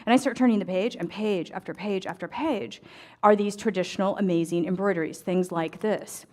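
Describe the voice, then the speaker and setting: A middle-aged woman from the United States, an ecclesiastical tailor, telling a lively story to an audience and acting out the voices in her dialogue. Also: mid-range voice, brisk. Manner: animated, acts out dialogue, chatty fillers. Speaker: ecclesiastical tailor and embroidery speaker.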